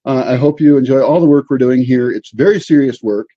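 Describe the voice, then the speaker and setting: A male host with a husky, mellow voice leads a laid-back, friendly chat. The recording is dry and slightly muffled. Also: medium pitch, a little fast, no room sound. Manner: relaxed, friendly interviewer, says "dude". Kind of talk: casual interview.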